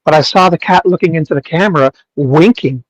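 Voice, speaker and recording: A man co-hosting a casual chat, bantering in a dry, deadpan way. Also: fairly high pitch, a little fast, dry recording, rough recording.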